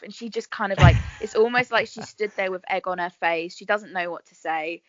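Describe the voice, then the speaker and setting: A woman tells stories in a bubbly, chatty way and laughs often. Her voice sits in a middle pitch. The recording is dry and a little muffled. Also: brisk, no room sound. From England. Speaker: guest actress. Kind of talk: casual podcast interview.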